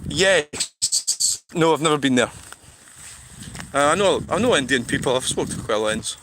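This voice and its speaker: A man's voice: medium pitch, expressive, quick pace, fairly bright tone, slight background noise. A Scottish man casually chatting on a livestream and reading out comments, rambling and blunt, with plenty of swearing. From Scotland. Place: outdoors in the countryside.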